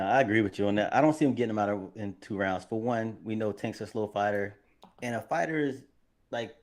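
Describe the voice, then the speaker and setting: A man co-hosting a boxing podcast in casual chat, giving relaxed, laid-back opinions. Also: lowish voice. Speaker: podcast co-host.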